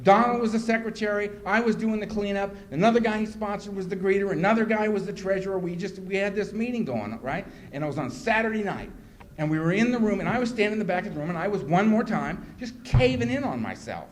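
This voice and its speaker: A man's voice: high voice, fast. A man giving a personal testimony talk as guest speaker at a recovery meeting, acting out scenes with self-mocking humor. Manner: animated self-mocking storyteller who acts out scenes. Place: meeting room. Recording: noisy live room recording.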